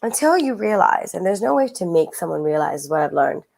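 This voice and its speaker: A woman's voice: fairly low pitch, very animated, a little fast, vocal fry, a little mellow. A woman co-hosting a casual podcast, rambling through thoughts with fillers and restarts. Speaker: podcast co-host. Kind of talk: casual spiritual chat.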